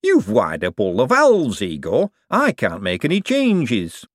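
A man voicing an excitable young male inventor who speaks eagerly and breathlessly. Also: medium pitch, a little slow, no echo, studio quality.

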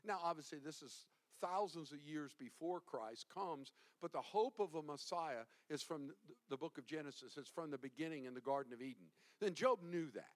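A male pastor preaching a sermon, animated and emphatic, swinging from hushed to loud. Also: fairly high pitch, normal speed, hardly any pauses.

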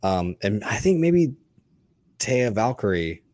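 A man's voice: fairly low pitch, very animated, slow pace, darkish tone, dry recording. A man, a podcast guest, rambling through casual chat with frequent swearing and restarts. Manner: rambling, profane, many restarts.

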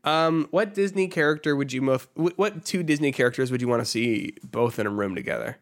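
A man's voice: medium pitch, a little fast. Rambling man on a gaming podcast. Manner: rambling, heavy use of "like" fillers. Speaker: podcast co-host. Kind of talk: casual chat about video games.

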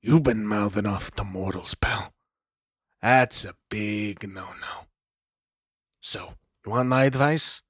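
A man's voice: fairly low pitch, slow, pauses often, fairly bright tone, breathy edge, no echo, clean studio sound, heavily acted. A man doing a sneering punk vampire. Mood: menacing. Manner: slangy, drawling tough talk. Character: scrawny androgynous punk vampire, scheming and menacing.

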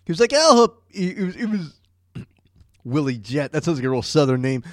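Animated joking man, dry close sound. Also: medium pitch, a little fast, dry recording. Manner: joking, riffs in mock voices, stammering restarts. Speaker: podcast host. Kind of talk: casual commentary.

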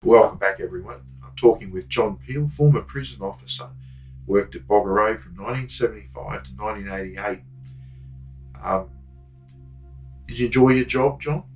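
A man's voice: fairly low pitch, normal speed, pauses often, rough recording. A man with an Australian accent hosting an interview, asking brief questions and leading the talk. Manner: prompting, brief questions and links. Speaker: podcast host and crime tour guide. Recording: guitar music behind voice.

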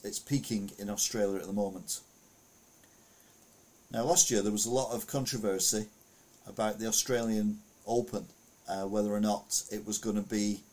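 A man's voice: lowish voice, darkish tone. A man casually reading news headlines aloud and adding rambling, self-correcting comments full of fillers.

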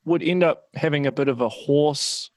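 Curious man, higher voice, dry sound. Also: moderate pace, dry recording. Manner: curious, rephrases questions. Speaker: podcast host. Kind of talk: casual interview.

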